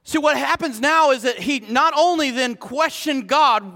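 A male pastor preaching a sermon, animated, moving from quiet asides to shouted emphasis. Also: very high voice, normal speed, few pauses, big-room sound.

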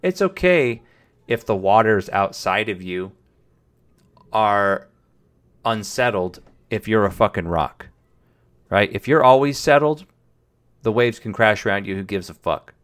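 A man's voice: lowish voice, lively intonation, unhurried, long pauses, a bit bright. A young man hosting a livestream, giving blunt, profane dating advice in casual chat while reading comments from his viewers. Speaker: livestream host.

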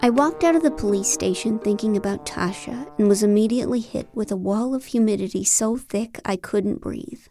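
A woman narrating a novel in the first person, with a wry, deadpan delivery. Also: mid-range voice, moderate pace, few pauses, faint music behind. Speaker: audiobook narrator.

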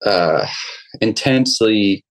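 A young man, a guest musician, telling a personal story in a casual interview, halting with many restarts and fillers. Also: on the low side, lively intonation, poor audio.

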